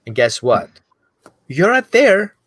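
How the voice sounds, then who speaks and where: A man explaining dog training in an animated way, acting out what the dog thinks. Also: high voice, slow pace, no echo. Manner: animated, acts out the dog's thoughts. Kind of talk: explanatory talk.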